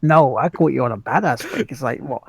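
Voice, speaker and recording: A man from England, co-hosting a gaming podcast in relaxed, casual chat with dry humor. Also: medium pitch, fairly quick, creaky, breathy edge, no room sound. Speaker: podcast co-host.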